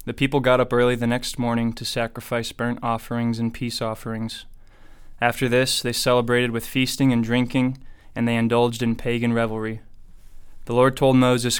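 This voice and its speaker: A man reading scripture aloud as a Bible reader, in a steady, even way. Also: medium pitch, moderate pace, smooth.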